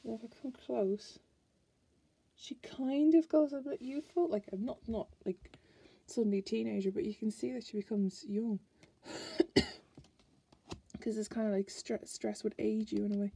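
A woman's voice: fairly high pitch, moderate pace, creaky, pauses often, warm tone, breathy edge. An Irish woman chatting casually as she flips through a card deck, musing aloud and restarting her sentences. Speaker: tarot card reviewer.

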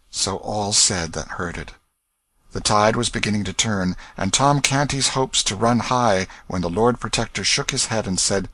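A man narrates a classic novel at a measured storybook pace. His voice sits on the low side, and the recording is dry with no room sound. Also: a bit bright, no room sound. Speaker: audiobook narrator. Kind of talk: scripted narration.

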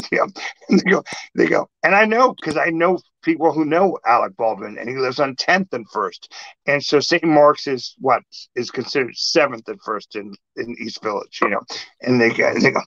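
A middle-aged man hosting a casual chat, an animated storyteller who acts out exchanges. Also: mid-range voice, fairly quick, gravelly, no echo. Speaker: podcast host. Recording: dull lo-fi sound.

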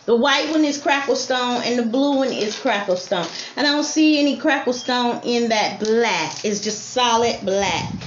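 Woman, jewelry seller on a live stream, slightly high voice, repeats item numbers and calls each piece lovely. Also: moderate pace, hardly any pauses, a little hiss or hum. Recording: roomy lo-fi stream with faint music.

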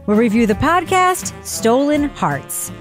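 A woman's voice: high-pitched, very animated, measured pace, soft background music. A woman hosting a podcast in casual chat, giggly and rambling, often laughing at herself. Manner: giggly, rambling, self-deprecating. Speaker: podcast host.

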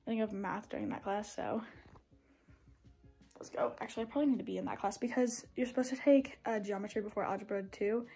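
A woman's voice: mid-range voice, fast talker, vocal fry, dark tone, breathy edge. A teenage girl, chatting in a rambling, filler-heavy way while vlogging into her phone from her car. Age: teens. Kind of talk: casual vlog chat. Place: inside a parked car. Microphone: phone camera.

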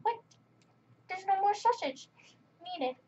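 A woman who hosts a gaming channel chats casually while she plays, frequently exasperated with the other players. Her voice is very high, animated, slow and dark in tone. The dull lo-fi mic picks up slight background noise and faint keyboard clicks.

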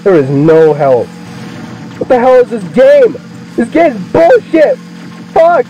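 A young man doing let's play commentary, excitable, swearing constantly and yelling at the game. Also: very high voice, slow pace. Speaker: gaming video creator. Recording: muffled lo-fi mic with game music. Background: game music.

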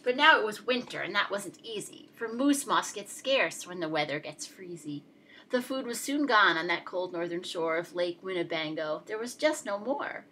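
A woman reading a rhyming picture book aloud in a lively, expressive, sing-song way. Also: medium pitch, a little hiss or hum. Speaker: storyteller.

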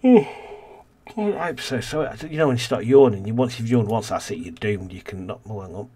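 A man's voice: lowish voice, fast talker, warm tone, slightly rough. A man casually commentating a city-building game as host, rambling and thinking aloud, tired and yawning. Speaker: let's play host.

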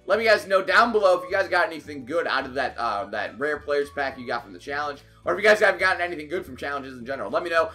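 A young man commentating his own hockey video game match, getting excitable and frustrated at the game. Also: on the high side, fast talker, few pauses, faint music behind. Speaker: gaming YouTuber. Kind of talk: live gameplay commentary.

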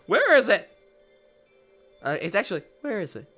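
A man's voice: high-pitched, huge pitch swings, moderate pace, sharp tone, faint music behind. Sarcastic man streaming a game. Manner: mocking, sarcastic, laughs a lot. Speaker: gaming streamer. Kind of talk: let's play commentary.

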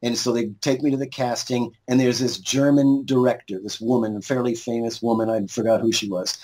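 A man's voice: medium pitch, flat delivery, brisk, darkish tone. A middle-aged man with an ordinary mid-range voice, talking as a podcast guest. He tells stories in a loose, rambling way, full of restarts and small chuckles. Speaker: guest, lawyer, musician and actor. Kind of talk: casual interview chat.

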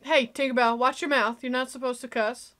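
A woman giving excitable, gushing casual commentary while reacting to a movie. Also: sits high, brisk, faint music behind.

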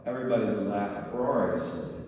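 Older priest preaching in an echoey church. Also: male voice, on the low side, fairly quick, a little mellow, a little hiss or hum. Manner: storytelling, mimics voices and groans for humor. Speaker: priest giving a parish mission. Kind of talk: sermon with personal anecdotes. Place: large church. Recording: echoey church hall from far off.

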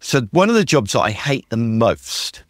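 Casual podcast chat from an enthusiastic British host who animatedly acts out his own typed prompts to his tools. His mid-range voice moves at a moderate pace, recorded in the studio with no echo.

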